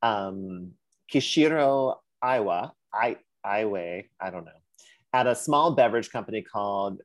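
Male podcast co-host, casual and animated, swears freely, dry close mic. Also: lowish voice, unhurried, dry recording. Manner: animated, swears, puts on sassy voices for quotes.

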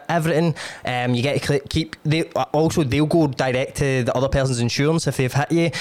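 A man's voice: mid-range voice, dry recording. A man hosting a podcast, doing a brash, joking sponsor read. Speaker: podcast host. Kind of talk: casual chat and ad read.

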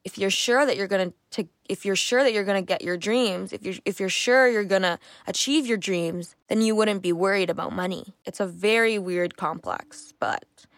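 A woman's voice: mid-range voice, moderate pace, dry recording. Candid young woman podcaster, dry sound. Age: 20s. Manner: candid, reflective, self-talking with restarts. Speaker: podcast host. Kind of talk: casual solo podcast monologue.

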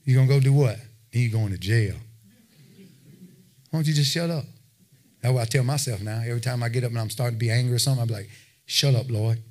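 A man's voice: mid-range voice, quick pace, pauses often, darkish tone. A man preaching a sermon, talking plainly with his listeners and building to emphatic exhortation. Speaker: pastor.

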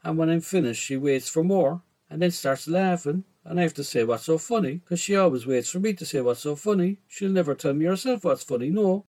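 A man with an Irish accent narrating a first-person story in a rough, slangy teenage voice. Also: on the high side, brisk, few pauses, darkish tone.

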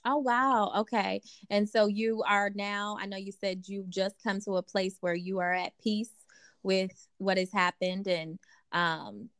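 A woman podcast host interviewing a guest, slow and encouraging, with affirming remarks. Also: mid-range voice, fairly even intonation, a bit bright, clean tone, no echo. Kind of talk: interview conversation.

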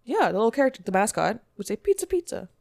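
Woman, mid-pitched voice, casual podcast co-host, quick short replies. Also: lively intonation, creaky, a little mellow. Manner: chimes in with short backchannel replies. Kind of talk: casual chat.

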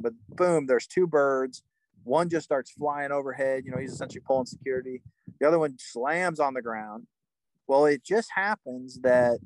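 A man's voice: mid-range voice, dry recording, low-quality recording. A middle-aged man, a retired army first sergeant, telling a war story casually, with lots of "like" and restarts. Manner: rambling, frequent "like" and restarts.

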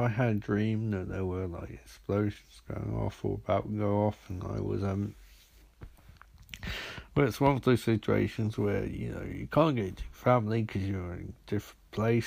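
A man's voice: on the low side, creaky, a little mellow, slightly rough, no echo. A man hosting a casual solo podcast from bed, drowsy and just woken, rambling in an irreverent, sweary way. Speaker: podcast host.

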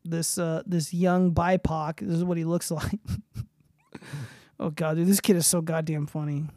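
A man's voice: on the high side, little pitch movement, measured pace, darkish tone, dry recording, studio quality. A young man hosting a casual livestream, reading posts aloud and swearing freely in loose, rambling commentary. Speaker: streamer host.

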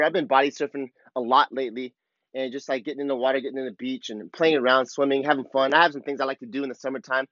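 A man's voice: a little high, fairly bright tone, no echo, muffled recording. A man talking as a surf coach in a casual, rambling monologue, candid and full of swearing, recorded on a clip-on mic. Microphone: clip-on wireless mic.

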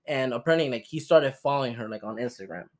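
A young man tells stories on a casual podcast. He is animated and slips into quick impressions of the people he describes. His voice sits at an ordinary middle pitch. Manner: animated, imitates people he quotes. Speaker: podcast host. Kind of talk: casual chat, storytelling.

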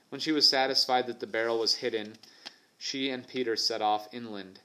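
A man narrating an adventure novel for an audiobook in a steady, even storytelling manner. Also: medium pitch, normal speed. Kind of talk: scripted narration.

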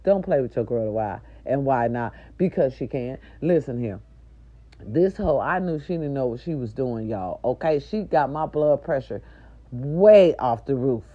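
A middle-aged woman, a nurse aide, telling viewers a story in a loud, profane, indignant rant. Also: extremely low pitch, expressive, measured pace. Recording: dull lo-fi recording.

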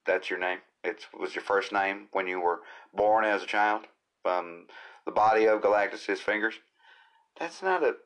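A man hosting his own solo podcast, talking off the cuff in a rambling, jokey way with quick asides. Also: lowish voice, fairly bright tone. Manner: rambling, jokey, jumps between silly voices and asides. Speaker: podcast host.

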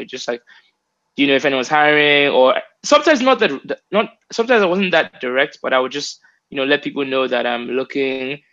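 A man's voice: mid-range voice, fairly bright tone. A young man as an interview guest, talking casually in a rambling way with many fillers and restarts. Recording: dull lo-fi sound.

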